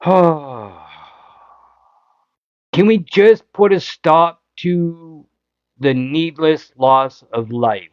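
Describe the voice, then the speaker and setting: A Canadian man hosts a casual political talk show, frustrated and impassioned, firing off rhetorical questions. He speaks slowly at a medium pitch. The recording is dry and a little dull. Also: clean tone, no room sound. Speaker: podcast host.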